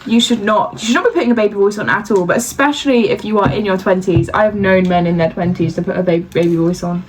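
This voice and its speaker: A woman's voice: medium pitch, fast talker, poor audio. A woman co-hosting a podcast in casual chat, ranting in exasperation with repeated rhetorical questions. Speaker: podcast co-host.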